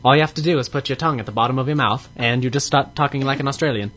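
A man's voice: mid-range voice, very fast, a bit bright, slight background noise. A man co-hosting a casual comedic chat, rambling, swearing freely and laughing at his own jokes. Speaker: podcast co-host.

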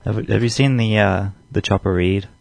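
A man's voice: on the low side, fairly even intonation, moderate pace, creaky, no room sound, faint music behind. A man hosting a video reaction, chatting offhandedly as he introduces the clips. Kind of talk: casual chat.

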